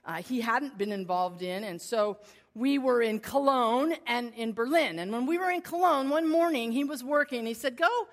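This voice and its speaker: A woman in her forties telling a self-deprecating personal story to an audience, shifting between lively and hushed. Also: on the high side, moderate pace. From United States. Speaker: speaker addressing an audience.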